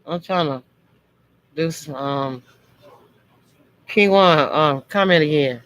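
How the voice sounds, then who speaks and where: A woman's voice: low-pitched, slow, low-quality recording. A woman chatting casually on a livestream to her viewers. Her delivery comes across harsh and blunt. She still means it kindly. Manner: talks harshly and bluntly, as she says, but means no harm. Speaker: livestream host.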